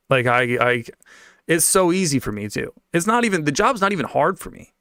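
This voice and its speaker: A man's voice: fairly high pitch, sing-song, brisk, fairly bright tone, dry recording, studio quality. A young man streaming and venting about his old job in a rambling, profane, slang-heavy way while reading donations. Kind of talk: casual rant.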